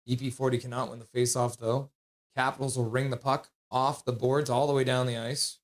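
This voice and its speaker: A man streaming live play-by-play commentary, joking with viewers between calls and getting loud and excited on big plays. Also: medium pitch, a little fast. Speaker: streamer calling the game live.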